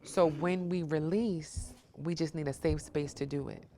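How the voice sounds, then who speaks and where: A middle-aged woman interviewing a guest in a low, gravelly voice. She is affirming and emphatic, and she often checks in with a quick "right?". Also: steady tone, mellow, slight background noise. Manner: affirming, emphatic, frequent "right?" tag questions. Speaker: interviewer and host. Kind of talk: supportive conversational interview.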